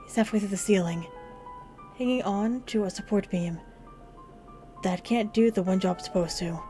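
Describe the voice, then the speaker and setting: A woman's voice: medium pitch, normal speed. A woman hosting a gaming video, dramatically reading a narrative game aloud in the first person with emotional intensity. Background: game music.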